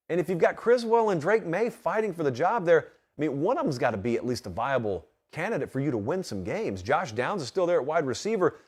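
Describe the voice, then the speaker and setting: A man's voice: mid-range voice, a little mellow. A man hosting a solo sports talk show in a studio, emphatic and full of rhetorical questions. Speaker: host.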